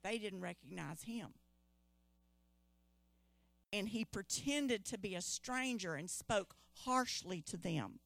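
A woman's voice: medium pitch, slow pace, gravelly, long pauses, no room sound. A woman preaching a sermon, retelling a Bible story and calling out questions to her congregation. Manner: lively, calls out to the congregation.

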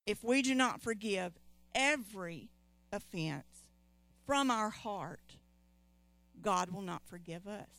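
A woman's voice: medium pitch, animated, slow, vocal fry, pauses often, a bit bright, dry recording, soft background music. A woman preaching a sermon, emphatic and repeating key phrases, calling on the congregation to respond.

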